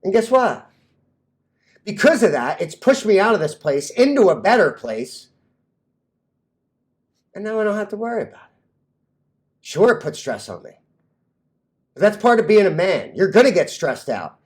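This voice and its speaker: A brash young man hosting a casual stock-trading vlog, cocky and quick to laugh at his own jokes. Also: high voice, sing-song. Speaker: stock vlogger.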